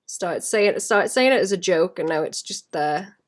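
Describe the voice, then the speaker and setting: A woman who illustrates, chatting casually and thinking aloud while she draws, rambling and laughing softly. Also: lowish voice, expressive, normal speed. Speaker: illustrator streaming while drawing. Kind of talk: casual chat while drawing.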